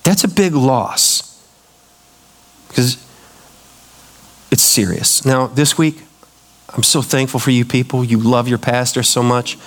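A man's voice: medium pitch, fairly even intonation, unhurried, pauses often, fairly bright tone. A pastor preaching a sermon, emphatic and repetitive, putting questions to his congregation.

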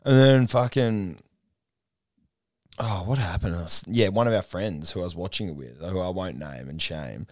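A young man with a low voice and a dry, close sound, talking loosely in a studio. He swears freely and acts out quotes with animation. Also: moderate pace, a little mellow, no room sound. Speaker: podcast co-host. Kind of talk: casual chat.

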